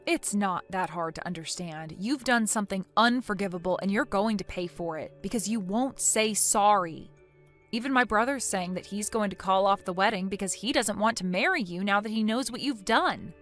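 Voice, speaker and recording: A woman's voice: mid-range voice, moderate pace, a bit bright, faint music behind. Cold, firm synthetic woman's voice. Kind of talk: text story narration.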